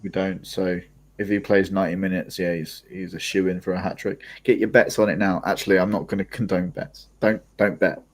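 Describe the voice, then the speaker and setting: With a deep voice and flat, brisk delivery, a young man co-hosts a live football watchalong podcast, offering casual match commentary and frequently laughing.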